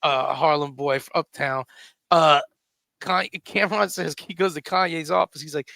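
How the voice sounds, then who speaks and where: A man co-hosting a comedy talk radio show, telling animated stories and acting out quotes. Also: on the high side, moderate pace, creaky, no room sound. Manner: animated storyteller, acts out quotes.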